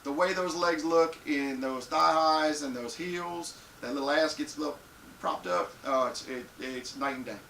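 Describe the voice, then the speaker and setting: Man, live show host, frank and crude, forceful tone, echoey room. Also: fairly high pitch, moderate pace, vocal fry, far from the mic. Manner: frank and crude, acts out little scenes in loud voices. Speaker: live show host answering viewer questions. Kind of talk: casual live-stream advice talk. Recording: echoey room, off-mic, faint hiss.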